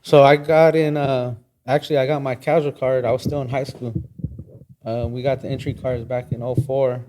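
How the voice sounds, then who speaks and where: A man's voice: mid-range voice, flat delivery, normal speed, mellow. A young man, a longshoreman, plainly telling how he got into the work. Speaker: guest, longshoreman. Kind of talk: casual chat.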